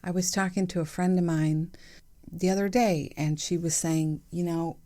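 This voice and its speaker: A woman hosting her own podcast, talking candidly and reflectively in a chatty way with soft laughs. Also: fairly low pitch, steady tone, normal speed. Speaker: podcast host. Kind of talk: reflective solo podcast monologue.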